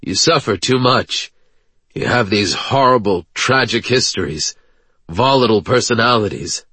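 A man voicing a gentle fatherly older leader. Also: fairly low pitch, moderate pace, slightly rough, no echo. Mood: earnest. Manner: gentle, fatherly, quietly wounded. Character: weary, kindly older male rebel leader.

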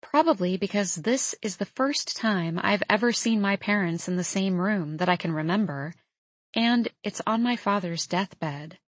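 A woman's voice: medium pitch, measured pace, no room sound. Woman reading a first-person audiobook. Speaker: audiobook narrator. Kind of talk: first-person scripted narration.

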